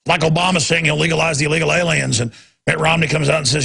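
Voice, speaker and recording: Gravelly, forceful talk radio host. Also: male voice, a little high, steady tone, fast talker, no echo. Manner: rambling, emphatic, repeats himself. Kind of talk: unscripted talk radio monologue.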